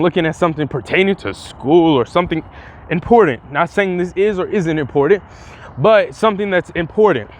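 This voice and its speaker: High-voiced young man vlogging casually. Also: slight background noise. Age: young adult. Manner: rambling and profane, with frequent restarts. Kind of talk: casual vlog commentary.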